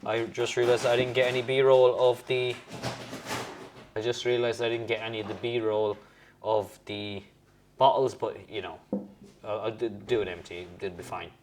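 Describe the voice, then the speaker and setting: A man's voice: fairly low pitch, steady tone, normal speed, slight background noise. Rambling man tasting beer at home. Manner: rambling, self-correcting, chatty. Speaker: host reviewing beers. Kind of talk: casual beer-tasting vlog.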